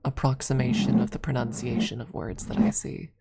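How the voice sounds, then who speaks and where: Low, gravelly soft-spoken woman streamer. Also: expressive, fairly quick. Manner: gentle, giggly, trailing off into whispers; affectionate, calls chat her lovelies.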